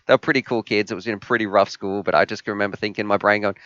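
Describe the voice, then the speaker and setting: A man in his thirties hosting a live stream Q&A, chatting and telling rambling, animated stories. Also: lowish voice, rapid-fire, dry recording, dull audio. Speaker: host.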